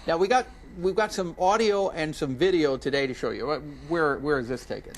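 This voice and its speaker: A man's voice: fairly high pitch, fairly quick. A man hosting a casual TV talk show interview, asking curious questions and often repeating his first words. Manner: inquisitive, repeats words when starting questions. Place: TV studio.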